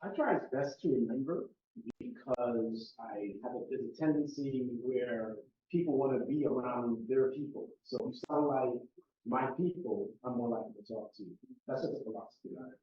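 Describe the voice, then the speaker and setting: A man's voice: medium pitch, moderate pace. Man at a team meeting, hesitant, heard from far off in an echoey room. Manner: hesitant, stammering. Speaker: trainee agent. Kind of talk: meeting discussion. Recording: roomy, distant, dull meeting-room audio.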